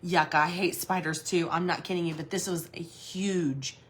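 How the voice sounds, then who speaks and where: A woman's voice: lowish voice, moderate pace. A middle-aged woman hosting a home decor livestream from her office, chatting casually and telling stories with laughs. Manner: chatty, animated storytelling with laughs. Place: her office in a shed building.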